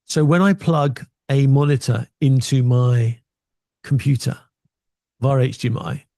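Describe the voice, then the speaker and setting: A man's voice: medium pitch, unhurried, creaky, dark tone, dry recording, studio quality. A man co-hosting a video tech show, chatty and self-deprecating as he explains.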